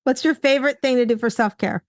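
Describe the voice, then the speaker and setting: A woman's voice: sits high, fast talker, no echo, clean studio sound. A middle-aged woman hosting a podcast interview, enthusiastic and affirming as she talks with her guest. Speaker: podcast host. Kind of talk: conversational interview.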